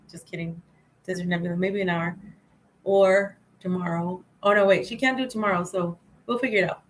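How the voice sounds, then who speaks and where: A woman's voice: medium pitch, a bit bright, rough recording. A woman hosting a casual spiritual livestream, rambling and repeating phrases, often laughing. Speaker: livestream host.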